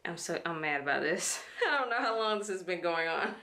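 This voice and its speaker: A woman's voice: fairly low pitch, lively intonation, a little fast. A woman, chatting frankly and casually to the camera in a vlog, swearing freely. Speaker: vlogger. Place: in a car. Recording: clear car road noise.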